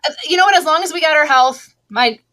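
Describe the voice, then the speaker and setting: A woman's voice: high-pitched, fast talker, pushed and bright. A middle-aged woman, an online seller, talking casually as an interview guest with a chatty, laughing manner and many restarts.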